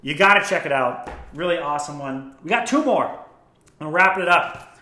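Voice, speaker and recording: A young vlogger casually recommends books, enthusiastic and freely profane as he tells stories. His voice is a little high, animated, bright and forceful, at a normal speed, in an echoey room.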